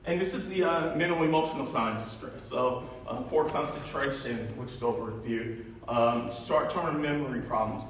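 A man's voice: medium pitch, normal speed. A man giving a casual, chatty talk with slides, using plenty of fillers and laughing often. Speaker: presenter. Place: large echoey room. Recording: echoey room from far off, faint noise.

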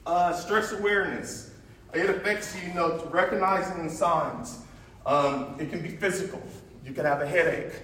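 A man gives an informal presentation, full of fillers and easy laughter. His voice sits a little high. The sound comes from far off in a very reverberant room with faint noise behind. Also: steady tone, moderate pace, sharp tone. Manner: chatty, laughs often, many fillers. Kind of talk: informal talk with slides. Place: large echoey room.

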